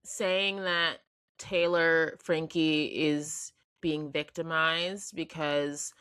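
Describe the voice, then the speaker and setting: A woman podcast co-host with a somewhat low voice, stating her opinions bluntly in casual conversation. The sound is close and dry, with no room sound. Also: steady tone, drawn-out words, a bit bright, clean tone, dry recording. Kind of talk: casual chat.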